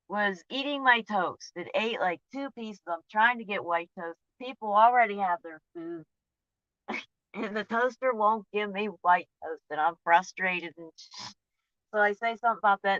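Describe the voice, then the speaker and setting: A woman's voice: medium pitch, a bit bright, no echo. A woman talking in a casual personal vlog, candid and open about her feelings, rambling and often trailing off to restart her thought. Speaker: vlogger. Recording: dull, dry lo-fi recording.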